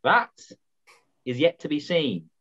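A woman's voice: deep voice, big pitch swings, slow, full character voice. A woman playing a cocky, lovesick young man in an online student drama. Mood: gossipy. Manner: gossipy, conspiratorial. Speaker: student actor. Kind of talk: online amateur drama over video call. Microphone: video call. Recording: dull lo-fi video call audio.

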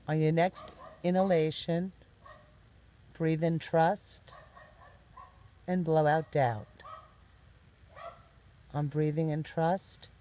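A man leading a guided meditation, giving soft, gentle step-by-step instructions. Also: a little high, fairly even intonation, drawn-out words, pauses often, muffled recording, a little hiss or hum. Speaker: meditation teacher.

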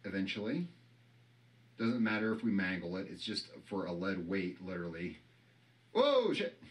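A man's voice: deep voice, steady tone, normal speed, far from the mic. A man hosting a casual how-to vlog, rambling and joking as he works and swearing now and then. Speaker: channel host.

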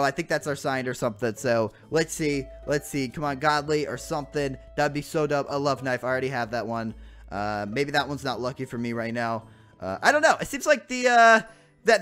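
A young man giving excitable gameplay commentary, groaning and exclaiming at bad luck and talking to viewers as guys and bro. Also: a little high. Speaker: gaming YouTuber.

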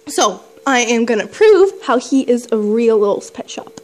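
A woman talks through a toy unboxing in a high voice that leaps all over the place. She gushes and squeals, then falls to near-whispers between bursts. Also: sing-song, normal speed, hardly any pauses. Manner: gushing, squealing, swinging between shouts and hushed whispers. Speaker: toy collector vlogger. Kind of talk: excited unboxing chat.

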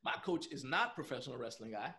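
A man on a podcast recounting a story in a casual, rambling way, often breaking into laughter. His voice sits at an ordinary middle pitch, and he goes back over his words and stacks up fillers as he talks. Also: fast talker, creaky. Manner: animated storyteller who laughs often while telling; loose, rambling with frequent restarts and fillers. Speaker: podcast guest.

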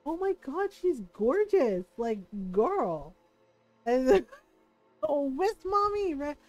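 A woman's voice: sits high, big pitch swings, takes it slowly, darkish tone, highs cut off, soft background music. A woman streaming a game live, bubbly and giggly, rambling and joking at her own expense. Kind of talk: live gameplay commentary.

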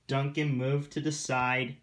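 Man narrator reading a storybook episode aloud, very slow, mid-pitched voice. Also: level tone, a bit bright, slight background noise.

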